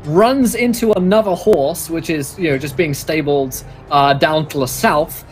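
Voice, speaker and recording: A man narrating a tabletop game as game master, casual with many fillers. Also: on the high side.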